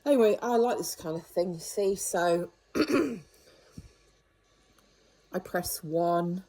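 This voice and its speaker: Chatty older woman, mellow voice. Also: on the low side, lively intonation, slow pace, long pauses, poor audio. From United Kingdom. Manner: chatty and wry, rambling asides. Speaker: vlogger. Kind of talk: casual monologue.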